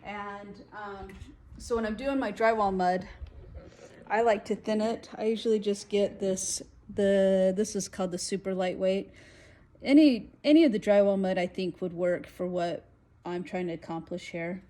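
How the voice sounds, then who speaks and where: A woman's voice: mid-range voice, steady tone, normal speed, dark tone. A middle-aged woman giving a casual, rambling how-to walkthrough of fixing walls in her home. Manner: chatty, rambling, self-deprecating. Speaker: home DIY vlogger. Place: home interior, room being renovated. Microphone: handheld phone or camera on tripod.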